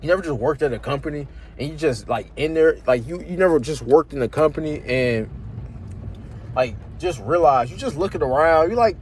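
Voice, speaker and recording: A man's voice: on the high side, lively intonation, a little fast, a little hiss or hum. A young man venting in a rambling, slang-heavy, swear-filled vlog rant about his job. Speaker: vlogger. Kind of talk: ranting vlog.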